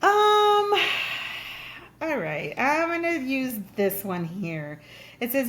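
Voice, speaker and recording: This woman has a high voice and a slow pace as she hosts her podcast. In casual chat she speaks frankly, tells stories animatedly, and laughs a lot.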